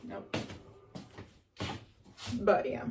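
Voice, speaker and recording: Young woman, mild West Virginia accent, rambling chatty talk, mellow warm tone. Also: drawn-out words, a little hiss or hum. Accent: northern West Virginia. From West Virginia, USA. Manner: rambling, chatty, drifts off quietly. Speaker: vlogger. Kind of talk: casual get-ready-with-me chat.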